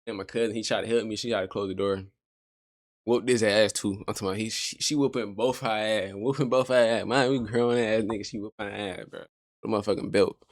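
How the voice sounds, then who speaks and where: Low-voiced man telling a rambling story. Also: steady tone, a little fast. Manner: slangy, rambling. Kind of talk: casual storytelling.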